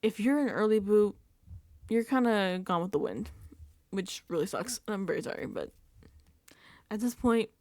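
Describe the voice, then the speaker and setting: A woman hosting a casual reality TV recap vlog, animated and emphatic, dropping into whispered asides and swearing casually. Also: mid-range voice, normal speed, pauses often, dry recording.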